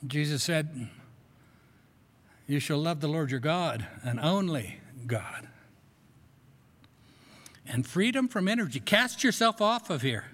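A man's voice: on the high side, lively intonation, takes it slowly, pauses often, a bit bright. A male pastor giving a conversational, self-deprecating sermon in a church. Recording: long echo of a large hall.

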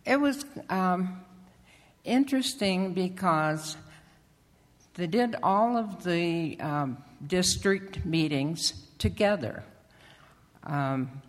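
Lay speaker at a church pulpit, very slow, halting with fillers, long church-hall reverb. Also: mid-range voice, lively intonation. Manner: halting, with many fillers and restarts. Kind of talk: church testimony and announcements.

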